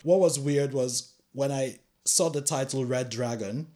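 A man's voice: medium pitch, unhurried, warm tone. A man co-hosting a casual film discussion, analyzing characters in a loose, filler-heavy way.

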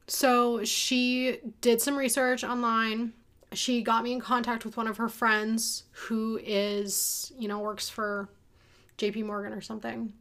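A woman's voice: fairly high pitch, little pitch movement, unhurried, a bit bright. A young woman talking casually and candidly about her own experience, at times emotional. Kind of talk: personal storytelling monologue.

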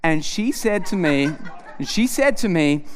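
Male pastor, higher voice, animated storyteller who acts out both sides of a conversation in a comic sermon. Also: a little slow, a little hiss or hum. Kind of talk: humorous sermon. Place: church.

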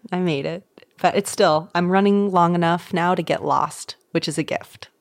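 A woman in her thirties, a podcast guest, telling a personal story in an animated way, laughing often and acting out her own thoughts. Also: on the low side, normal speed, vocal fry, no echo, clean studio sound. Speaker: podcast guest, runner and coach. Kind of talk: casual storytelling.

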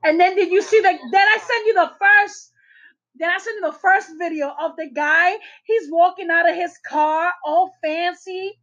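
A middle-aged woman chatting to her viewers on a call, animated as she retells a funny guy's videos and quotes him loudly. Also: very high-pitched, moderate pace, dull audio. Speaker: vlogger talking to viewers. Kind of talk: casual chat on a call.

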